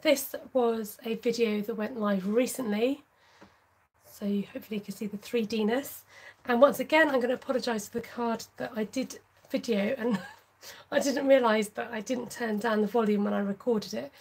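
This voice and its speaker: A woman hosting a casual livestream craft tutorial, chatting warmly with viewers and laughing often. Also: a little high, fairly even intonation, normal speed, slightly rough, rough recording. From United Kingdom. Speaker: craft channel host.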